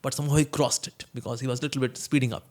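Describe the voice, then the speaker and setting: Monk giving spiritual advice. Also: male voice, medium pitch, fairly even intonation, rapid-fire. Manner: storytelling, acts out quoted voices, chuckles. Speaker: monk answering questions. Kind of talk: conversational spiritual talk.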